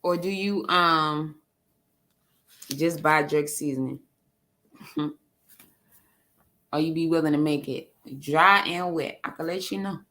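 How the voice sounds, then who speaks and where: A woman with a New York accent, talking on a casual panel in a blunt, profane, laughing way. Her voice sits a little low for a woman. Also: slow pace, long pauses, sharp tone.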